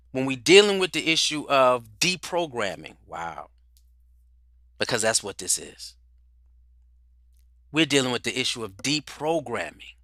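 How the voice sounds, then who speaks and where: Man, talk-show host, preacherly, bright voice, dry close mic, a bit high-pitched. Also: dry recording. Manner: preacherly, rhetorical questions, repeats words, swings from loud to quiet. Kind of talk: livestream talk on spirituality and culture.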